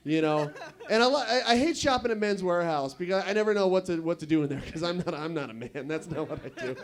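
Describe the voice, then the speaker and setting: Young guy doing open mic standup, kinda high voice, crude rambling jokes, chats with the crowd. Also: expressive, fast. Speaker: stand-up comedian.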